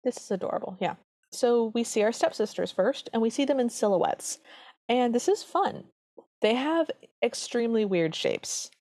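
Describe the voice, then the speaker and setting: A woman's voice: on the high side, lively intonation, a little mellow, dry recording, studio quality. A woman co-hosting a podcast, reviewing an old cartoon in an earnest, chatty way. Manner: chatty, earnest, quick asides. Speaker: podcast co-host. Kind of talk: casual review chat.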